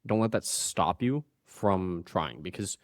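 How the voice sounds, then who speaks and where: A man's voice: deep voice, animated, unhurried, no room sound, clean studio sound. A man appearing as a podcast guest who coaches men in communication, explaining his points energetically and acting out the voices he quotes. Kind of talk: casual podcast conversation.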